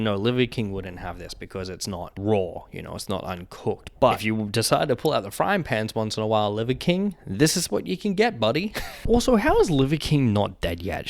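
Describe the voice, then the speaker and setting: A man's voice: fairly low pitch, dry recording. Foul-mouthed joking young man. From Australia. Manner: profane, joking rants with frequent laughs. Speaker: vlogger. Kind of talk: casual chat.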